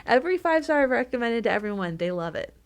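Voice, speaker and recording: A woman's voice: on the high side, quick pace, clear, resonant tone. A woman co-hosting a book club podcast, talking casually and laughing often. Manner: chatty, animated, laughs often. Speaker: podcast co-host.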